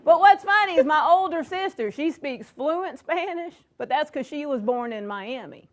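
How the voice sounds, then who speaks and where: A woman's voice: sits high, animated, moderate pace, noisy background. A woman from Florida doing a folksy, self-deprecating stand-up routine before a live audience, laughing at her own jokes. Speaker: stand-up comedian.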